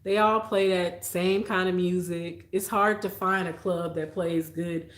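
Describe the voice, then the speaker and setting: A woman's voice: fairly low pitch, fairly even intonation, a little slow. Laughing woman streamer, echoey room. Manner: laughs often, storytelling, reads viewer comments. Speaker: live streamer. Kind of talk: late-night live stream chat.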